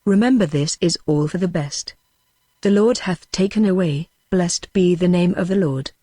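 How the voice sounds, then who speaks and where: A woman's voice: fairly low pitch, normal speed, warm tone, no room sound, clean studio sound, lightly acted. A synthetic woman's voice reading the lines of a stern, fanatical missionary father, with no change of voice. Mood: solemn.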